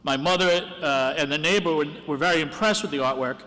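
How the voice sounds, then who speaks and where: A man's voice: fairly high pitch, a little fast, pushed and bright, in a large hall. A man, the dean of a senior class, giving an earnest, encouraging graduation speech from a podium, with self-deprecating humor.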